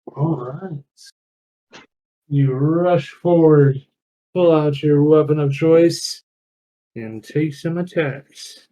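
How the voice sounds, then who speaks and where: A man running an online tabletop game as game master, describing the scene slowly and haltingly. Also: fairly high pitch, dark tone. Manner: slow and halting. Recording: dull lo-fi call audio.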